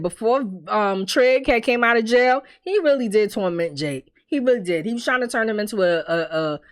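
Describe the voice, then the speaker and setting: Addressing her viewers head-on, a woman recaps a TV episode casually in a mid-range voice. She's emphatic and exasperated, and she swears freely.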